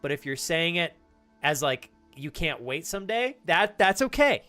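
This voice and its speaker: A male streamer talks to his chat in a fairly high, bouncing voice that jumps up whenever he gets excited. He stays casual and hyped, dropping swear words freely. Soft music plays faintly behind him. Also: normal speed.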